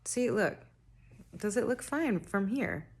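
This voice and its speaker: A young woman doing a casual spiritual reading to camera, rambling and self-interrupting, her throat raspy and tired. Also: mid-range voice, animated, takes it slowly. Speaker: tarot reader.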